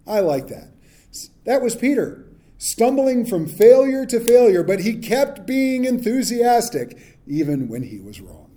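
A male pastor preaching a sermon, telling the story with lively acted-out quotes. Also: very high voice, a little slow.

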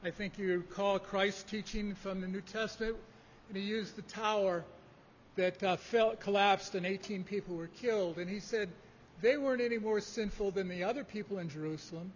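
High-voiced preacher in a reverberant hall. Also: male voice, a little hiss or hum. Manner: measured, emphatic preaching. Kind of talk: sermon. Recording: dull lo-fi audio in a reverberant hall.

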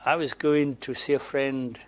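A man from Wales preaching a sermon in a conversational way, moving between loud emphasis and quiet asides. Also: medium pitch, fairly even intonation, measured pace.

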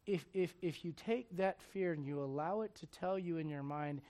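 High-voiced man preaching with swings. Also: moderate pace. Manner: animated, swings from loud urging to quiet confiding. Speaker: pastor. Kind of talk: sermon.

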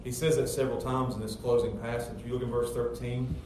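A middle-aged pastor preaching a sermon with emphatic, rising rhetorical questions. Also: male voice, mid-range voice, flat delivery, fairly quick. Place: church sanctuary. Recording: very echoey church hall, distant mic, faint noise.

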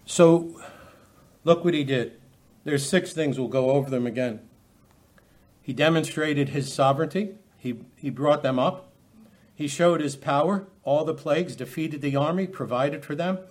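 A man's voice: a little high, unhurried. A middle-aged man preaching a sermon, emphatic and full of rhetorical questions.

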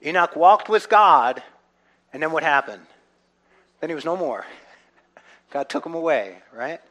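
Man, fairly high voice, earnest conversational Bible teacher, shifts from hushed to loud and excited. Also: unhurried. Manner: earnest, often checks in with "right?"; swings between soft reflective and loud excited delivery.

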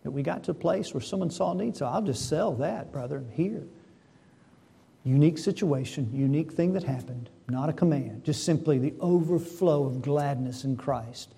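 Earnest mellow-voiced male preacher. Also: a little high, moderate pace, vocal fry, husky. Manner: earnest, builds to fervent emphasis. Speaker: pastor. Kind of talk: sermon.

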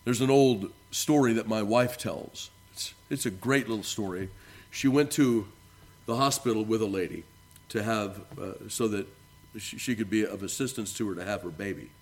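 A pastor preaches with earnest emphasis, his voice rising on key words and falling quiet at the ends of phrases. He reads scripture in a declaiming tone. His voice is on the low side, at a moderate pace.

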